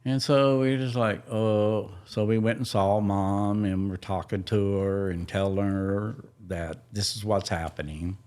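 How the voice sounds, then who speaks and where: A man hosting a podcast, telling a personal family story in a slow, halting, tender way. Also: lowish voice, little pitch movement, darkish tone. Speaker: podcast host.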